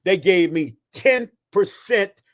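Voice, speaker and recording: A man's voice: high voice, lively intonation. A man in his sixties, a retired soldier and author, telling stories with emphatic energy. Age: 60s. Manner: emphatic, fast-talking storyteller. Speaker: guest, retired Army Ranger and author. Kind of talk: animated storytelling.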